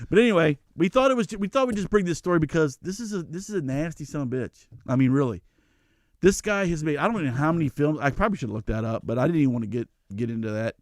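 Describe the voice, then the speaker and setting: Blunt, swearing talk-show host. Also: male voice, a little high, animated, fast talker, no echo, clean studio sound. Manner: blunt, joking, swears freely. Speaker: co-host of a live talk stream. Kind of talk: casual chat.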